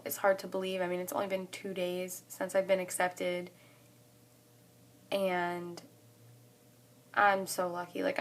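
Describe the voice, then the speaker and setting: A young woman in her twenties telling a story to the camera in a casual vlog, excited and chatty, saying "like" often. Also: medium pitch. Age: 20s. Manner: excited and chatty, heavy use of "like". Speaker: college student vlogger.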